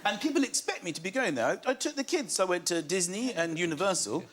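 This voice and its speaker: Animated comedian man, high lively voice. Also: fast talker. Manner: animated, acting out bits with put-on voices. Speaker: comedian guest. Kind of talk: comic storytelling on a chat show. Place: TV studio with a live audience. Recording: broadcast studio with loud audience laughter.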